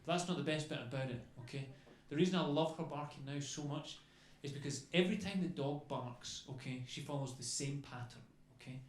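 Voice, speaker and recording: In an echoey club with faint ambience, a man delivers stand-up into a handheld mic, chatting casually and adding "okay?" after his lines. His voice is a little high and a little fast, with few pauses.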